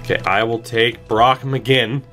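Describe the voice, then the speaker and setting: A man's voice: medium pitch, fairly even intonation, measured pace, bright, forceful tone, faint music behind. A man commentating a video game he plays, exasperated and pleading, swearing often, with sarcastic asides. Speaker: gaming channel host.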